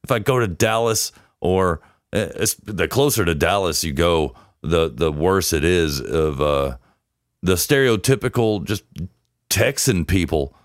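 A man's voice: sits low, expressive, unhurried, dry recording, clean studio sound. A man hosting a podcast, talking bluntly and sarcastically in a casual chat. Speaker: podcast host.

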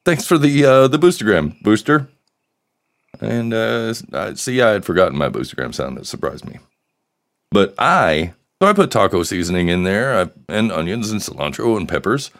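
A man's voice: on the low side, sing-song, normal speed, a bit bright. A man hosting a live solo podcast, rambling and joking with crude humor. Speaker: podcast host.

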